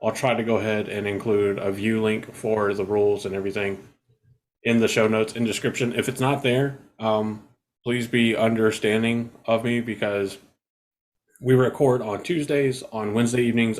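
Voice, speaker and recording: A man's voice: on the low side, steady tone, moderate pace. Laid-back man with a crude humor. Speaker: podcast host and editor. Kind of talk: casual chat.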